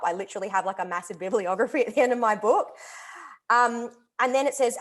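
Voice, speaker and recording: A woman's voice: on the high side, fairly even intonation, fast talker. A woman, a guest author, talking enthusiastically on a video call, full of "literally" and "like.". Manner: enthusiastic, talkative, repeats "literally" and "like". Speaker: guest author and wellness coach. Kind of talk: casual interview chat.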